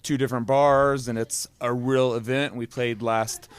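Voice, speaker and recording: A man's voice: medium pitch, fairly even intonation, moderate pace, clean tone. A man, a musician guest, chatting casually and rambling with laughing asides. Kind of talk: casual chat.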